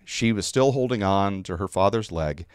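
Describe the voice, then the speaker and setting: Deep-voiced man telling a story, halting. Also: clean tone, no echo, clean studio sound. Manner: halting, many fillers and repeated words. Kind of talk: casual storytelling.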